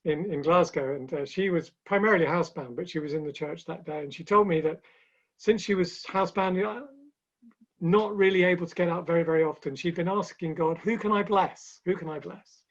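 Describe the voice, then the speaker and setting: A man's voice: fairly high pitch, a little fast. A man speaking as a guest in a webinar conversation, telling stories with light humor in a chatty way. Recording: dull lo-fi online call audio.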